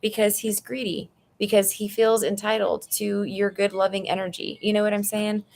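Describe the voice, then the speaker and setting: A woman's voice: mid-range voice, flat delivery, moderate pace, vocal fry, a little mellow. A woman giving a live tarot reading from her apartment into a phone, chatty and blunt, calling the viewer "girl". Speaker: tarot reader. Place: apartment room at home.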